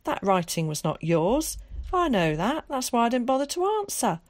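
A woman's voice: on the high side, very animated, normal speed, no room sound, clean studio sound, voice pushed up. A woman voicing a stern, pious mother who is cold, suspicious and reproachful in a storybook reading. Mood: scolding. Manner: clipped, reproachful, preachy.

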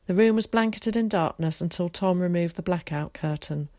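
In this scripted audiobook narration, a woman with a low-pitched voice tells a story in a calm, even manner. The sound is close and dry, free of both room sound and echo.

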